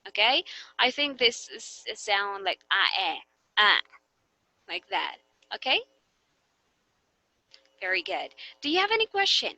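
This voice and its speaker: A woman's voice: a little high, sing-song, measured pace, pauses often, sharp tone, dry recording, rough recording. A young woman teaching a vocabulary lesson, patiently checking that her students understand. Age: young adult.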